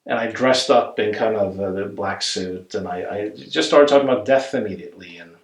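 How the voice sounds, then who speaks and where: A man's voice: fairly low pitch, a little fast. A male therapist telling a story in an interview, stammering with repeated words and acting out quoted lines. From Norway. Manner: stammering repetitions, animated quoting. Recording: roomy echo.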